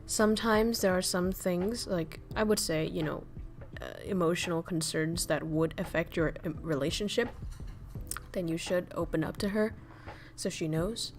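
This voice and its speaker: A woman's voice: on the low side, moderate pace. Blunt, foul-mouthed woman streamer. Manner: blunt, profane, ranting and laughing; reads and answers chat messages. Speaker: VTuber streamer. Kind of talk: casual livestream chat.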